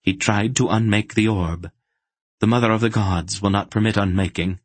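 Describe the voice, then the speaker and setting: A man voicing a stern, commanding woman sorceress who speaks in sharp, clipped orders. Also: lowish voice, fairly even intonation, moderate pace, no room sound, lightly acted.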